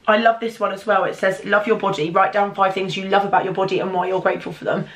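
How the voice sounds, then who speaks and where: A young British woman with a congested, stuffy voice, talking in a gushing, excitable way through a casual unboxing vlog and swearing freely. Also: mid-range voice, quick pace. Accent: British English. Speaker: YouTuber.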